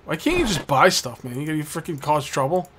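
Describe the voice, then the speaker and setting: A man's voice: on the high side, expressive, fairly quick, a bit bright, slight background noise. A man hosting a let's play, giving casual gameplay commentary and joking with the game's customers as he goes. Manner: jokey, chats with game customers.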